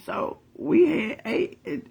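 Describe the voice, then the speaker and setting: A middle-aged man, telling his viewers a family story in a chatty, animated way and calling on the Lord. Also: takes it slowly. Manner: animated, chatty, laughs often, calls on the Lord. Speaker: vlogger.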